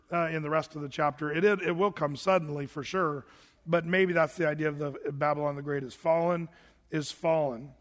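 A man's voice: on the high side, a bit bright, big-room sound. A man preaching a sermon to his congregation in a church sanctuary, talking casually with many restarts and fillers. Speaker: pastor.

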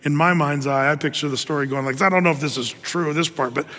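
A man preaching a sermon, telling the story lively with acted asides. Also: a little high, fast talker, long reverb tail.

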